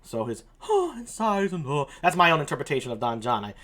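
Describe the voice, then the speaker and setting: A man streaming, giving casual commentary between reading parts, chatty and quick to laugh. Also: medium pitch, big pitch swings, bright, forceful tone. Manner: chatty, laughing easily, self-correcting.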